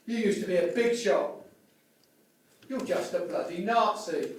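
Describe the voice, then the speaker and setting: A man's voice: sits high, unhurried. A man playing a hostile street thug. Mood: aggressive. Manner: aggressive, shouting. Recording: echoey room from a distance.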